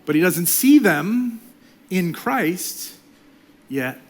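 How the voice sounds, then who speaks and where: A middle-aged male pastor preaching a sermon, swinging from loud, impassioned lines to hushed whispers. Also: high-pitched, big pitch swings, drawn-out words.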